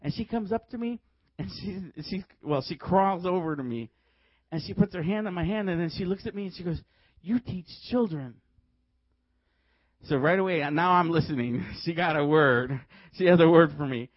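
A man from Chicago, a guest preacher, tells his testimony in a sermon with animated storytelling and frequent laughs. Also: on the high side, a little fast, dry recording. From Chicago, USA. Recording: dull dry recording.

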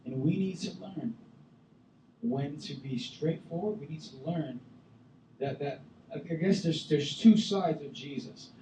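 Animated youth pastor in an echoey church. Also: male voice, on the high side, unhurried, background noise. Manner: animated, acts out voices in loud bursts. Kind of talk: sermon. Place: church sanctuary. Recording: echoey room, voice from far off the mic.

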